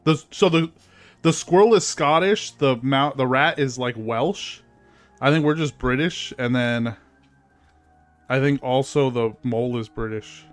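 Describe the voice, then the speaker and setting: A man's voice: medium pitch, unhurried, dry recording, faint music behind. Casual male gaming streamer. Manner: chatty, with fillers, reading game text aloud. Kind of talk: casual let's-play commentary.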